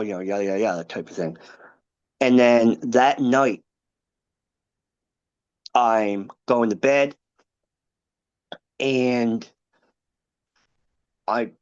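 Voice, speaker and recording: On a podcast, a guest in his thirties shares a personal story, earnest and halting, with frequent asides. His pitch is typical for a man, and the audio comes across slightly dull and lo-fi.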